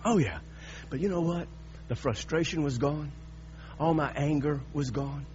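A man in his sixties preaching, telling a personal story with lively, halting restarts. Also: on the high side, highs cut off, soft background music. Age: 60s. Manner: animated storytelling with repeated restarts.

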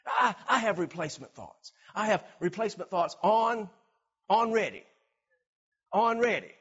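A man preaching a sermon, animated, acting out everyday scenes and repeating words for emphasis. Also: high-pitched, normal speed, slightly rough, highs cut off. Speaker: pastor.

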